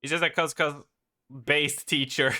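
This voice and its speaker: Bright-voiced Swedish man streaming games. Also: fairly high pitch, steady tone, unhurried. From Sweden. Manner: laughs often, swears, rambling restarts. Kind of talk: casual live gaming stream chat.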